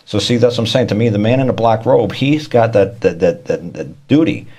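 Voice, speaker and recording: A man's voice: fairly low pitch, lively intonation, fairly quick, mellow, husky. A man talking casually about court matters, rambling and repeating himself, acting out the people he quotes. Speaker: speaker on law and court tactics. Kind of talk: casual explanatory talk.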